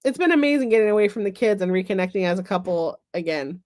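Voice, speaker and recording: An affable, somewhat sheepish middle-aged husband, read by a woman author. He speaks at a middle pitch in a relaxed storybook tone. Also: quick pace, natural voice.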